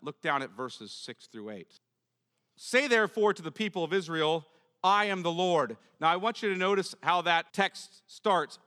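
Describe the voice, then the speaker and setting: A man preaching a sermon as pastor, reading scripture with rising emphasis and dropping soft and low on key points. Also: big-room sound.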